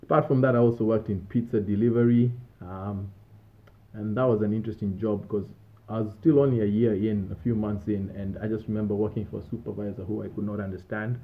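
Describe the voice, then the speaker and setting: A man's voice: fairly low pitch, fairly even intonation, brisk. A man telling casual stories from his student days, rambling and laughing as he goes. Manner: laughing, rambling, self-amused. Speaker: vlogger. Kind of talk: casual storytelling. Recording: tinny phone-like audio.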